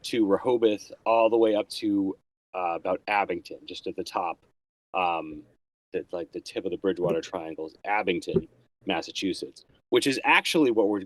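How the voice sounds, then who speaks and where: Low-voiced man, rambling podcast host. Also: no echo. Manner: rambling, filler-heavy, crude jokes. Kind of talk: casual chat.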